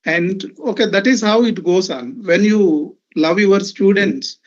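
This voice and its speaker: A man's voice: sits high, unhurried, muffled recording. A man from Telangana answering audience questions at a symposium, reassuring and peppered with "actually" and "okay". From Telangana, India. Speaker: symposium resource person.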